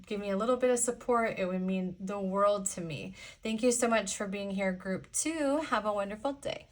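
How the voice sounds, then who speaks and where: A young woman giving a casual pick-a-card tarot reading, chatty and sassy, rambling with lots of fillers. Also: medium pitch. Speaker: tarot reader.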